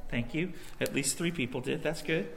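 A man's voice: fairly high pitch, normal speed, creaky, fairly bright tone. A young man preaching a sermon, telling a personal story in a conversational way with little asides. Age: young adult.

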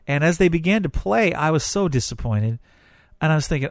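A man telling a personal story in a casual, animated way, getting emotional as he goes. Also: fairly high pitch, quick pace, no echo, studio quality. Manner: animated, emotional, grows excited. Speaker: storyteller recounting a concert.

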